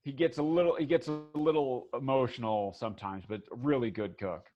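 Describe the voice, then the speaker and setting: A man's voice: mid-range voice, steady tone, brisk, over music. A man narrating a tabletop game as game master, rambling with many fillers and restarts, on a dull lo-fi recording.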